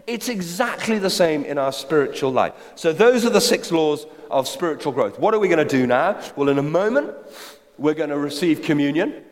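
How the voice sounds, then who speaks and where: Male preacher, exhorting and direct, animated delivery, long hall reverb. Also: fairly high pitch, normal speed. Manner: direct, exhorting, rhetorical questions to the congregation. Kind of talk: sermon. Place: church hall.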